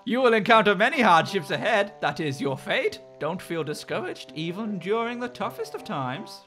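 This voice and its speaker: A man voicing a solemn wise guide in a grave, measured, soft manner. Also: high voice, big pitch swings, faint music behind.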